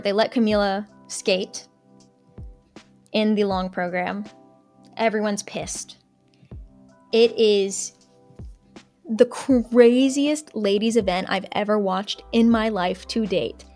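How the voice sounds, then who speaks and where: A young adult woman streamer telling an excited, gossipy story in casual chat, with lots of "like" between phrases. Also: mid-range voice. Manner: excited, gossipy retelling full of "like".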